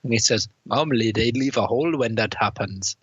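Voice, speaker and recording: A man co-hosts a casual film review podcast, walking through the plot and throwing in quick quoted lines. His voice is a little husky and sits at an ordinary pitch. The recording is dry and somewhat dull, like a basic home podcast mic. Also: dry recording. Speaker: podcast co-host.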